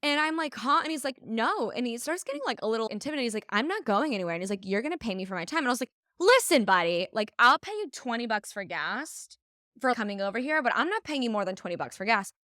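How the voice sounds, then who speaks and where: Animated woman telling a story. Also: on the high side, quick pace, no room sound, studio quality. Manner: animated storyteller, acts out quotes, laughs often. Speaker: podcast co-host. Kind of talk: casual chat, storytelling.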